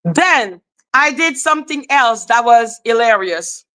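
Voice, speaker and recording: A woman hosting a livestream, telling a story in a casual, animated, profane way, often laughing and breaking into shouts. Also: on the high side, measured pace. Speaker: host.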